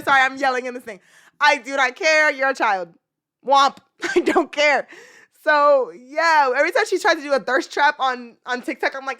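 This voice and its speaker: A woman in her twenties hosting a casual podcast, rambling emotionally and swinging from loud outbursts to low muttering. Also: brisk, no room sound, clean studio sound. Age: 20s. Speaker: podcast host. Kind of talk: casual ranting chat.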